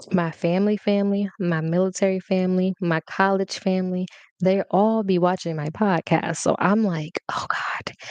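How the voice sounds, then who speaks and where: A woman's voice: medium pitch, no room sound. Give me a chatty, playful young woman hosting a live podcast, with a dry, close sound. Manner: chatty, rambling, playful, talks to viewers directly. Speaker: podcast host. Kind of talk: casual live podcast chat.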